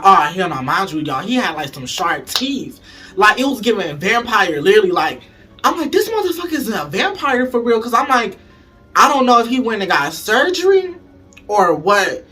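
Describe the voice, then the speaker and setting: Man with a high, bright voice, animated and profane, chatty storytime narration, casual vlog. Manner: animated, profane, keeps addressing the audience as y'all. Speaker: storytime vlogger.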